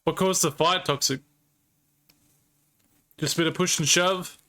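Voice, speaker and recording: A man's voice: a little high, fairly even intonation, a little slow, sharp tone. A man streaming a card game live, chatting casually with viewers and swearing now and then. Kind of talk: live-stream gaming commentary.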